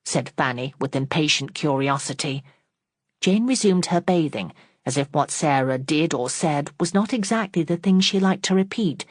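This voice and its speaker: Low-voiced woman narrating an audiobook. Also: lively intonation, normal speed, no echo, studio quality. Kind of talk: scripted narration.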